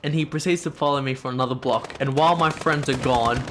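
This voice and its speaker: Talking quickly in a mid-range voice, a teenage gaming channel host rambles through a story over gameplay, animated and cursing freely. The background is noisy with the game's gunfire.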